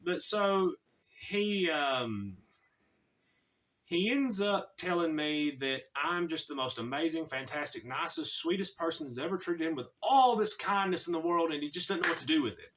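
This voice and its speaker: A man's voice: fairly high pitch, expressive, moderate pace, fairly bright tone, far from the mic. A man telling a personal story in a casual, chatty way, full of slang.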